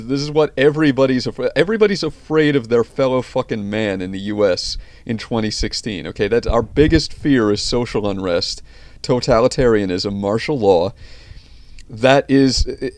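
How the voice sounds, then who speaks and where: A man's voice: mid-range voice, darkish tone, no echo. A man hosting a video reaction chat, blunt and ranting, swearing often as he talks. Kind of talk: casual profane chat.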